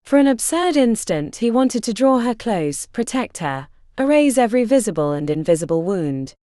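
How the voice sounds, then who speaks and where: A woman narrating a historical romance audiobook in a measured, storytelling manner. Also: a little high, very animated, warm tone, no echo, clean studio sound.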